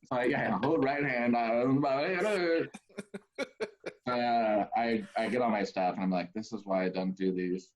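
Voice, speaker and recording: Male pastor, casual storyteller, animated impressions, dull low-fidelity recording. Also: unhurried. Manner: animated, acts out characters in high voices.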